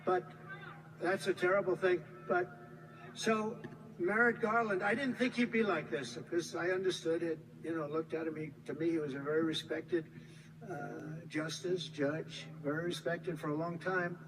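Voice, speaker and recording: A man's voice: a little high, normal speed, a bit bright, a little hiss or hum, rough recording. An American man in his seventies giving a rambling, repetitive, emphatic campaign rally speech from a podium. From United States. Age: 70s. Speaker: politician.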